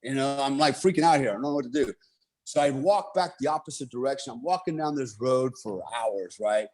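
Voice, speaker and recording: Animated man telling a story. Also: medium pitch, fairly quick. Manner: animated, swears freely, laughs while telling. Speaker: military veteran telling war stories. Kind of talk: casual storytelling in an interview.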